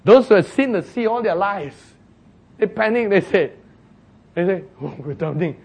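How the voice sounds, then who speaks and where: A male pastor delivers a sermon as a lively story. His voice sits a bit high and sounds husky and breathy. He jumps up in pitch to act out the quoted voices and chuckles at his own jokes. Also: moderate pace.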